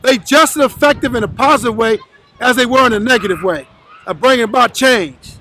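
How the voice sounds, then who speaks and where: A man with a very high-pitched voice tells his life story in an interview. He talks bluntly and with plenty of profanity, and he acts out the other people in his story as he goes. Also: a little fast, bright, forceful tone, a little hiss or hum.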